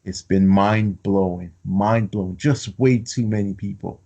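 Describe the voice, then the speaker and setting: A man co-hosting a podcast, rambling in casual film chat with many fillers and halting restarts. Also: low voice, steady tone, creaky, warm tone, dull audio. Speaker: podcast co-host.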